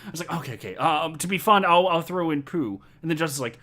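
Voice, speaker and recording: Picture an excited man retelling a film to his friends in loose casual chat, his voice riding up and down all over the place. He sits fairly high for a guy, laughs a lot, and keeps tripping into restarts before he finishes a thought. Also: fast, few pauses. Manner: animated, laughing, rambling with restarts. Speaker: host recapping a movie to friends.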